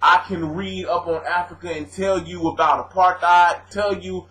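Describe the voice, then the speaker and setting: Pitched high and moving at a moderate pace, a young man rants to his viewers in a casual, argumentative vlog, and the audio is poor. Born in Louisiana but raised on the West Coast, he's animated and slangy as he fires back at commenters.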